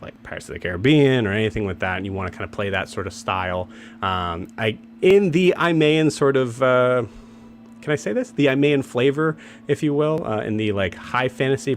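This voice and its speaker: A man's voice: medium pitch, normal speed, a little hiss or hum. A man hosting a game stream, casually announcing campaigns and rambling with many filler words and restarts. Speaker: game master and show host.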